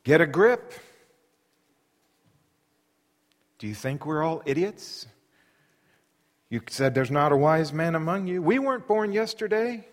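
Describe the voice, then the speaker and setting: A man's voice: a little high, expressive, normal speed, long reverb tail, natural voice. A man voicing a blunt, lecturing ancient male friend who scolds emphatically, as part of a sermon reading. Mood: scolding.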